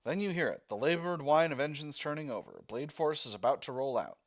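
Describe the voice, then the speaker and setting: A man's voice: on the high side, very animated, fairly quick. Man reading a text game aloud. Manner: reads narration, thinking aloud with fillers and restarts. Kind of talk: let's-play narration.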